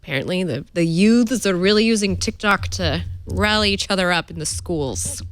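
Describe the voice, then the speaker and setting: Smooth-voiced woman chatting on a panel. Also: fairly low pitch, animated, normal speed, no room sound. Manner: chatty, wry asides. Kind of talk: casual panel chat.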